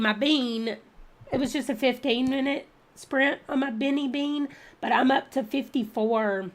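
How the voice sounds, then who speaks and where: A woman's voice: fairly high pitch, a bit bright. A woman hosting her reading channel, chatting casually and thinking aloud during a readathon livestream. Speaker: book channel host.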